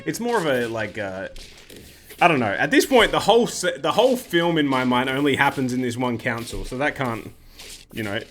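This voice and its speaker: A man's voice: medium pitch, a bit bright. A man hosting casual game commentary, rambling and joking and often interrupting himself. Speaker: gaming video host.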